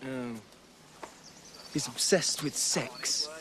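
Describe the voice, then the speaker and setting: An actor playing a spoiled, petulant young aristocrat with a bored, cutting way of talking. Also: male voice, medium pitch, drawn-out words, bright, forceful tone, a little hiss or hum.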